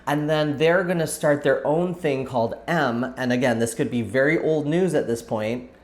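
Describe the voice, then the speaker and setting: Male vlog host, mid-pitched, chatty and rambling, mic at a distance. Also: moderate pace. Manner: rambling, talkative, thinks aloud. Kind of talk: casual chatty craft vlog. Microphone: camera set back at a distance on the table.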